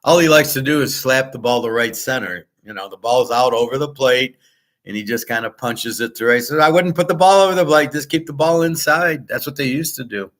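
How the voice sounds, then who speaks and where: A man's voice: medium pitch, fairly quick, fairly bright tone. A man hosting his own show, talking off the cuff in a blunt, scornful and profane way, acting out both sides of his stories. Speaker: sports handicapper and show host. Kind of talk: unscripted ranting monologue.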